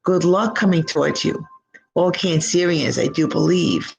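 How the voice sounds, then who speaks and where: A woman giving live psychic tarot readings from home, gushing and affectionate with drawn-out words, speaking into a computer mic. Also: low-pitched, gravelly, slightly rough, lo-fi sound. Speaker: psychic reader.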